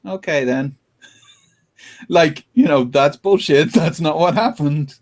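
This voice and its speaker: Male podcast host, casual chat, bit higher-pitched, animated and laughing as he retells. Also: takes it slowly.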